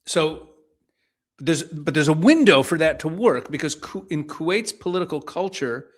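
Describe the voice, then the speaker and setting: A man's voice: a little high, lively intonation, normal speed. A man giving political commentary to camera, explaining news and reading excerpts aloud, with frequent restarts.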